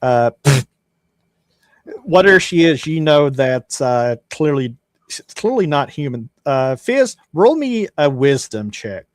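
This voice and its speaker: A man's voice: a little high, big pitch swings, slow pace, no room sound, studio quality. A man narrating a tabletop game as game master in a casual way, with many fillers and restarts.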